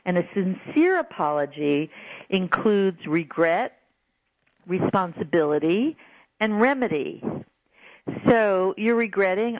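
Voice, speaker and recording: A woman guest on a radio call-in show giving parenting advice in an earnest, animated way. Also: lowish voice, a little slow, no room sound. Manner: earnest, animated, acts out quoted apologies. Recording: dull lo-fi radio broadcast.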